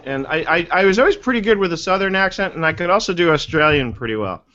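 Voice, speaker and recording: A man's voice: sits high, lively intonation, fast, pushed and bright. A man hosting a casual group video chat, joking and rambling playfully. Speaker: webinar host. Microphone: video call. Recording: dull lo-fi video call audio.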